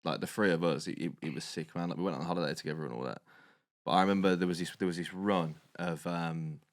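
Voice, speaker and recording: A young man, co-hosting a podcast, telling a story casually and animatedly, swearing and loudly acting out quotes. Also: low voice, steady tone, fast, no echo, studio quality. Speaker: podcast co-host.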